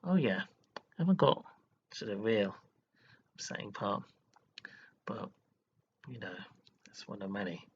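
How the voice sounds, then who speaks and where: A man's voice: lowish voice, sing-song, measured pace, pauses often, dull audio, a little hiss or hum. A man, a teacher, talking emotionally to his webcam about a student who upset him, rambling and saying "you know" often, close to tears. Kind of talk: emotional personal vlog. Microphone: webcam mic.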